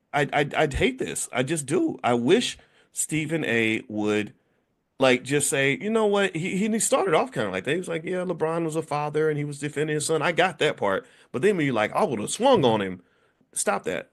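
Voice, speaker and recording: A man's voice: fairly high pitch, normal speed. A man in his fifties hosting his own channel, telling stories straight to camera with lots of restarts and acted-out quotes. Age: 50s. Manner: animated storytelling, acts out quoted voices, frequent restarts. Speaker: channel host. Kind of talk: direct-to-camera commentary.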